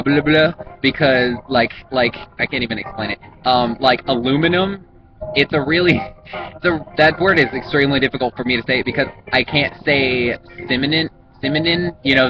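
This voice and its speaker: A man's voice: medium pitch, poor audio. A man with a Southern US accent, rambling casually through an accent-challenge vlog with many ums and restarts. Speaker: vlogger.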